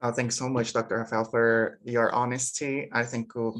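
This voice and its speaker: A man hosting, softly thanking the guest and passing the turn. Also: medium pitch, level tone, normal speed. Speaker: host. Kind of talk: thanking guest, handing over.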